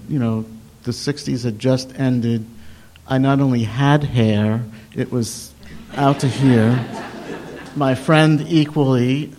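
An older man telling a personal anecdote in an animated, self-mocking way, with halting restarts. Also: medium pitch. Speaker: storyteller. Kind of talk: personal anecdote told to an audience.

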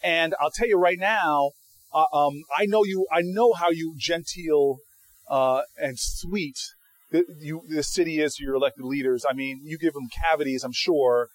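High-voiced man telling lively stories. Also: moderate pace, dry recording, poor audio. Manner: animated storyteller, frequent restarts; acts out quoted people. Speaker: guest speaker. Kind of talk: answering audience questions.

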